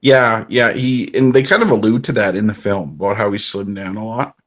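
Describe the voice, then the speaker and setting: A man's voice: on the low side, a little fast. A man co-hosting a podcast in casual film chat, making dry joking remarks. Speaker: podcast co-host.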